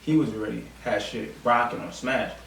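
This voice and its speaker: A man's voice: mid-range voice, fairly quick, gravelly, a bit bright, slight background noise. A man from Yonkers, New York, talking emphatically as an interview guest and often checking that he's understood. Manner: emphatic, keeps asking "you get what I'm saying". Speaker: guest artist. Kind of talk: casual chat. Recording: echoey room, mic far off, faint ambience.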